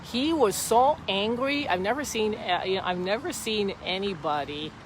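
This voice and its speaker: A woman livestreams from a street protest on a phone she holds herself, talking casually in a rambling, repetitive, emphatic way. Her voice is mid-range at a moderate pace, and the outdoor video picks up traffic and wind noise.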